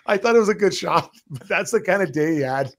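A man's voice: sits high, brisk. A man co-hosting a sports show, telling stories in casual chat, laughing often and tripping over his words. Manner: animated storyteller, laughing often. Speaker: co-host.

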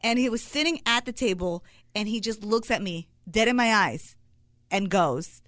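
A woman co-hosting a podcast in casual chat, telling animated stories with lots of agreeing fillers. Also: medium pitch, normal speed, no room sound, studio quality. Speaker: podcast co-host.

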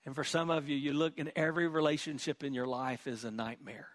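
A man's voice: a little high, steady tone, fairly quick, dry recording. A middle-aged male pastor preaching a sermon in an earnest, emphatic way, often repeating words.

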